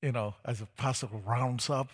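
A man preaching a personal testimony to a church audience, telling it as a story and building to loud, emphatic peaks. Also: mid-range voice, fairly even intonation, normal speed, breathy edge. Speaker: preacher sharing his testimony. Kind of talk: sermon testimony.

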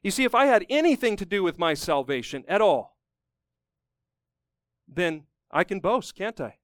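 A man preaching a sermon, emphatic and fervent, climbing to strong peaks and dropping low to close each point. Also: lively intonation, normal speed, no room sound. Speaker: pastor.

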